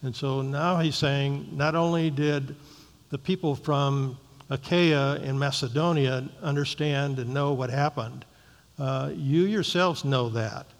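A man leading a Bible study, reading scripture aloud and then explaining it in a measured way, with frequent ums and uhs. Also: medium pitch, steady tone. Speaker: Bible teacher. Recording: long reverberant hall.

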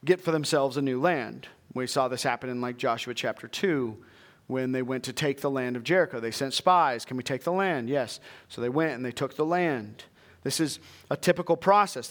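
Preaching to his congregation, a pastor from Texas reads a passage of scripture and follows it with an earnest explanation. His voice is high-pitched and slightly bright.

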